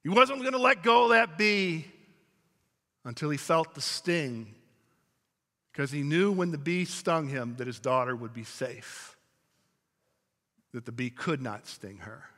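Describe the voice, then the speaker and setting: A pastor with a slightly high, pushed, bright voice preaches unhurriedly with long pauses, telling stories and calling out to his congregation. The sermon is recorded in a church sanctuary with long hall reverb.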